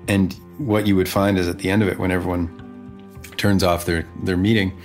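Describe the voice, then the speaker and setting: A musician talking casually, an animated storyteller who speaks fast and fills his sentences with fillers and restarts. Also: low-pitched, soft background music.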